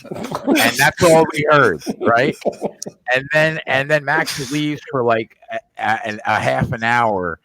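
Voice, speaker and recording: A man's voice: medium pitch, slow, sharp tone, no room sound, poor audio. A male host of a live betting show, chatty, retelling stories with quoted lines.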